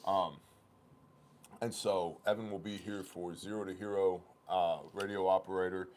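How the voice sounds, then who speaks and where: A man hosting a casual company livestream, chatting and telling stories with animated laughter. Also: low voice, normal speed, slight background noise. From Oklahoma. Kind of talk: casual chat and storytelling.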